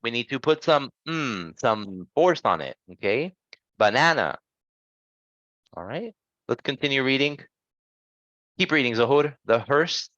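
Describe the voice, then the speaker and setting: A man's voice: mid-range voice, lively intonation, no echo. Patient male pronunciation teacher. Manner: patient, gently correcting, models sounds slowly. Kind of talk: online language lesson. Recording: dull, dry lo-fi sound.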